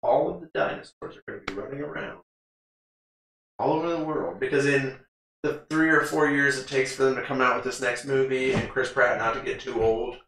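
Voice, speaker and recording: A podcast co-host recaps a film in loose, casual chat, rambling and prone to laughter, swearing freely along the way. His mid-range voice is bright, forceful and brisk, echoing around a very reverberant room with a slight hiss or hum in the background.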